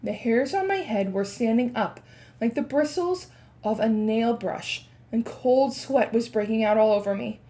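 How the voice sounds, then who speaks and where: A woman's voice: a little high, a little slow, warm tone. A woman reading a chapter book aloud to children with expression, then asking her listeners questions about it. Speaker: read-aloud presenter.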